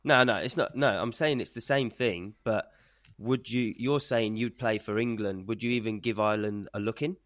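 A man on a relaxed sports podcast who keeps pushing back with probing questions. His voice sits fairly low, and the recording is dry and close, with no room sound. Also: moderate pace, few pauses, no echo. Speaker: podcast co-host. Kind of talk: casual sports podcast debate.

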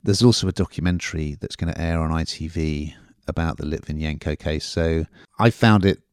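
A man's voice: very deep voice, brisk, darkish tone, clean tone, dry recording, studio quality. A man hosting a podcast, reviewing a TV drama in a chatty, rambling way. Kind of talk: casual review chat.

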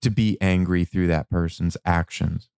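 A man giving a reflective motivational talk about anger and change, slow and emphatic, repeating words and now and then swearing. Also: low-pitched, fairly even intonation, gravelly, a little mellow, clear, resonant tone, no echo, clean studio sound. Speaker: self-help speaker.

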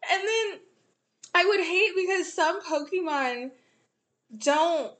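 A young woman in casual chat, animated and profane, often laughing as she talks. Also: very high-pitched, takes it slowly.

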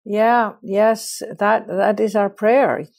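Emphatic woman with gravelly fry. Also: mid-range voice, steady tone, takes it slowly, darkish tone. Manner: emphatic, inspirational, repeats phrases. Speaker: author and guest. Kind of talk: interview conversation.

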